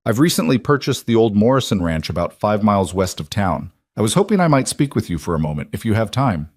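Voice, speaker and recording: A man voicing a polite, soft-spoken young cowboy who talks in a courteous, measured way. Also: fairly low pitch, big pitch swings, dry recording, studio quality. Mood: earnest. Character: polite, steady young cowboy, new in town.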